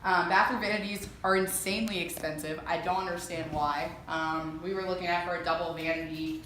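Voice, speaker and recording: A young woman giving a casual walkthrough of her home renovation, chatty and filling pauses with lots of ums. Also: on the low side, steady tone, fairly bright tone, a little hiss or hum. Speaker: homeowner giving a renovation tour. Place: empty house under renovation, indoors. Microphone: camera mic held by another person. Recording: echoey bare room, voice off-mic.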